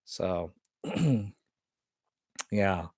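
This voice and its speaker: A man's voice: low-pitched, expressive, drawn-out words, a little mellow, husky, no room sound, clean studio sound. A man casually recapping a TV episode, rambling along with lots of fillers. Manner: rambling, many "you know" and "uh" fillers. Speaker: TV episode reviewer.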